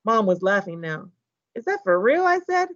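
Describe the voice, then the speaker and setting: A woman teacher reading a children's novel aloud to her class, lively and voicing each character's dialogue. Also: medium pitch, normal speed, dry recording, highs cut off. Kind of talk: children's book read-aloud.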